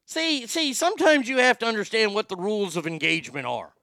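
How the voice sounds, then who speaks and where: A middle-aged man hosting a show, telling a story in a loose, profane rant. He keeps stammering and restarting, and his voice is bright and clear. The room sounds dry and close. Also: high-pitched, lively intonation, fairly quick, no echo. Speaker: show host. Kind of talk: casual ranting monologue.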